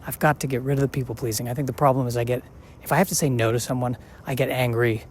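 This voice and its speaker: A man's voice: medium pitch, steady tone, slight background noise. Musing forty-something man walking outdoors. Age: 40s. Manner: musing, self-questioning, halting with restarts. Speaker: podcast host. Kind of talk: casual rambling monologue while walking outside.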